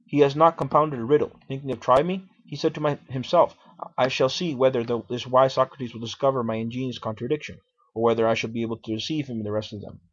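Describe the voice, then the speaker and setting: A man's voice: mid-range voice, fairly even intonation, quick pace, natural voice. A man voicing an aged male philosopher defending himself in court, arguing and questioning in a dramatic reading on a dull lo-fi recording. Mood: defiant. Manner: argumentative, questioning.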